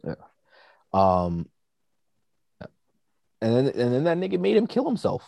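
A man's voice: medium pitch, wildly swooping pitch, a little slow, gravelly, dark tone, no echo. A man casually chatting as a podcast co-host, rambling with lots of fillers. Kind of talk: casual chat.

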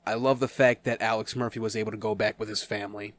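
A man's voice: fairly low pitch, flat delivery, quick pace. A man co-hosting a podcast in casual chat, stammering and laughing often. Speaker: podcast co-host.

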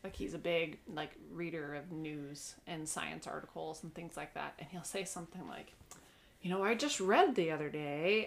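A woman co-hosting a casual chat, chatty and quick to laugh. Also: lowish voice, vocal fry.

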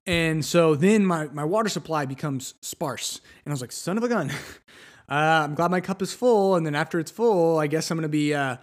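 A man's voice: a little high, normal speed. Rambling, chatty male podcast host. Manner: rambling, conversational, many restarts and fillers. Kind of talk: solo podcast monologue.

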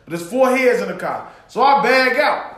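Animated high-voiced man telling stories. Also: moderate pace, roomy sound. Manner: animated, acts out quotes with shouted outbursts and profanity. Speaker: podcast co-host. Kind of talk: casual storytelling chat.

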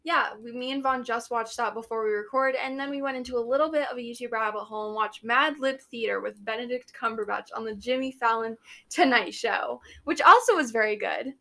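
A woman's voice: fairly high pitch, a little fast, vocal fry, sharp tone. A young woman co-hosting a podcast, chatting casually and rambling with lots of restarts and giggles. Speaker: podcast co-host. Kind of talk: casual chat.

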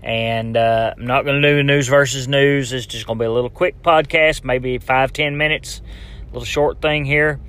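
A Tennessee man hosts a casual solo podcast, rambling, joking, and addressing the listener directly. His mid-range voice has a sharp, clean tone.

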